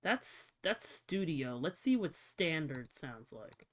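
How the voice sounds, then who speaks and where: A woman streamer chatting casually to her viewers, swearing freely and reacting out loud while she fiddles with settings. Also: deep voice, big pitch swings, takes it slowly. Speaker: livestreamer. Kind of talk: casual livestream chat.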